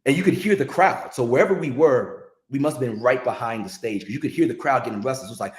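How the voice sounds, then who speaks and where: A man telling a story in casual chat, animated and acting out other people's lines. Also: medium pitch, fast, few pauses. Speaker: podcast guest, music industry veteran. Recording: roomy echo.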